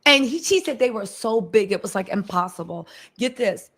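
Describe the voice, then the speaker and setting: A woman giving casual commentary, animated and chatty, talking straight to her audience. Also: medium pitch, breathy edge. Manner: animated, talks in quick asides to the audience.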